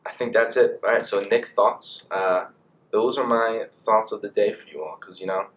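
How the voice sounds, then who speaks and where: A man's voice: on the low side, normal speed. Young man rambling casually to camera. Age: young adult. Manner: rambling, animated, lots of fillers. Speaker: vlogger.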